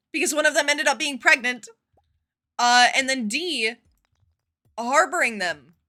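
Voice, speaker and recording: A woman streamer chatting casually with her viewers, telling stories in an expressive, profane way. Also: high voice. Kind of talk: casual live-stream chat.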